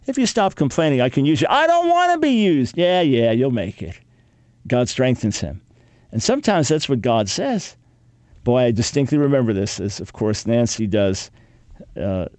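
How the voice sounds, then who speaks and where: An older man in his sixties teaching a sermon, reading Bible verses and acting out dialogue with God in an animated way. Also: medium pitch, no echo.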